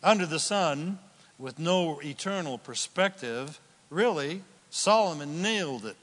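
A man preaching a sermon as pastor, swinging between loud exclamations and hushed asides. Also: fairly high pitch, animated, measured pace. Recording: long hall reverb.

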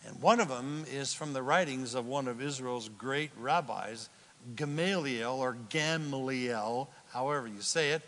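A man preaching a sermon as pastor, swinging between loud exclamations and hushed asides. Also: mid-range voice, normal speed, few pauses. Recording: long hall reverb.

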